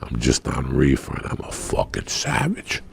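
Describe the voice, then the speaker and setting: A man telling a profane, animated story as a podcast guest, acting out the people in it. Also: a bass voice, normal speed, gravelly, a little hiss or hum. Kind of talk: casual storytelling.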